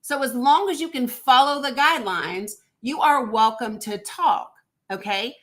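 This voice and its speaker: A woman's voice: a little high, a little slow. A woman hosting a live call-in stream, firmly laying down rules and speaking bluntly to callers. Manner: firm, lays down rules, blunt. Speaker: host.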